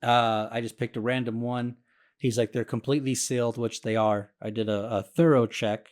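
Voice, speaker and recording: A man's voice: medium pitch, flat delivery, normal speed. A man hosting a podcast who tells a story in a rambling, profane, self-mocking way. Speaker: podcast host. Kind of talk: casual storytelling monologue.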